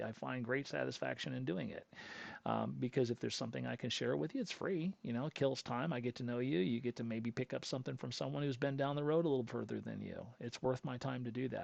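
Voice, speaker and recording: A man's voice: mid-range voice, vocal fry, a little mellow, no room sound. A man in his late forties, hosting a channel, tells a rambling, conversational story straight to his viewers and often corrects himself as he goes. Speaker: channel host. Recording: dull lo-fi sound.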